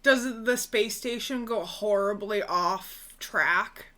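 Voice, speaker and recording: A woman's voice: mid-range voice, slow pace, bright, forceful tone. A woman co-hosting a casual podcast, asking follow-up questions about a movie. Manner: inquisitive, asks follow-up questions. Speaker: podcast co-host.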